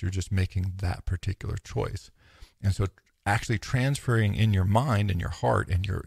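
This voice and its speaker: A man with a gravelly, husky voice, pitched a little low, lecturing on philosophy. He muses aloud, restarts his sentences and slips into quoted asides. The sound is dry and close. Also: darkish tone, dry recording. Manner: thoughtful, musing, with frequent restarts and quoted asides. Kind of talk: informal lecture.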